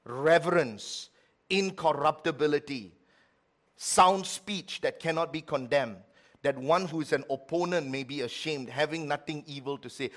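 A middle-aged man preaching a sermon as pastor, with lively swings between loud, emphatic lines and quiet ones. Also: on the high side, a little slow.

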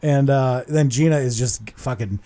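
A man's voice: mid-range voice, normal speed. A man hosting a podcast, telling stories in casual chat and swearing freely. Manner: animated storytelling, swears a lot. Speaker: podcast host.

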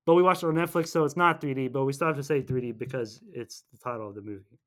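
A man's voice: medium pitch, fairly bright tone. Rambling young man recapping a movie. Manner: rambling, playful, acts out characters in quick silly voices. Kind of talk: casual chat, recapping a film.

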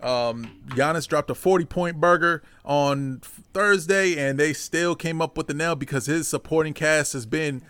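Excitable higher-voiced man podcast co-host. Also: measured pace, smooth, no room sound. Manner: excitable, swearing, stumbles over names. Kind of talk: casual sports chat.

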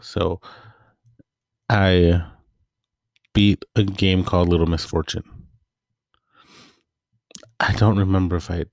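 A man with a very low voice chats casually as a podcast host, rambling through a story with plenty of fillers. The sound is dry and close, with no room echo. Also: level tone, slow, pauses often, darkish tone. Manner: rambling, laid-back storytelling with many fillers. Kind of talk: casual chat.

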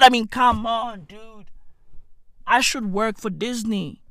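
A comedic host ranting profanely, with slang and repeated "bruv", swinging between shouting and muttering. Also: medium pitch, slow pace, no echo, studio quality. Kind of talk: comedic rant.

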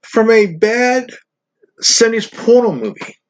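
A man's voice: very high-pitched, very animated, unhurried. A man hosting his own channel, ranting profanely in a rambling, stammering way. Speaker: channel host. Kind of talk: ranting vlog. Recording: dull lo-fi recording.

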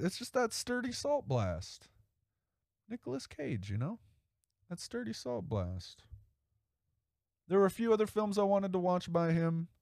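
A man hosting a solo podcast in a rambling, profane, enthusiastic way. His voice sits a bit high and swings widely in pitch as he gets excited. The recording is dry and close, with no room echo. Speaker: podcast host. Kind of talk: casual solo podcast chat.

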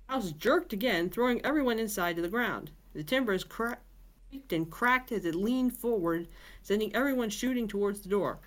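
A woman's voice: medium pitch, normal speed. A woman podcast host reading a novel aloud, with chatty asides and filler words. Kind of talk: casual storybook reading.

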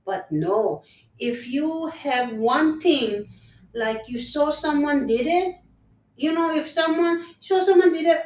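Woman, earnest, repeats and restarts, slightly high voice, set back from the mic. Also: expressive, a little slow, darkish tone, roomy sound, far from the mic, rough recording. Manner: earnest, repetitive, restarts phrases. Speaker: guest sharing personal story. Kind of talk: casual conversation.

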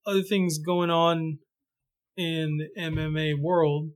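Guy co-hosting a fight podcast, kinda high voice, loose and rambly, lots of uh and you know. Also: takes it slowly. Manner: relaxed, rambling with many fillers and restarts. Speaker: podcast co-host. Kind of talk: casual sports chat.

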